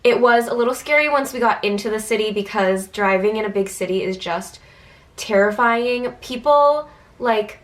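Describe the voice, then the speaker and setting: A young woman vlogger with a stuffy nose tells a casual story in a chatty, anxious way, packed with "like" fillers. Her pitch is fairly high and her pace moderate.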